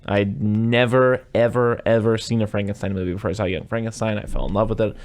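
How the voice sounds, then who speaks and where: A man with a fairly low voice hosts a casual podcast about movies. He rambles loosely through scenes and drops into goofy voices as he retells them. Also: fairly even intonation, fast talker. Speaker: podcast host. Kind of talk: casual movie-review chat.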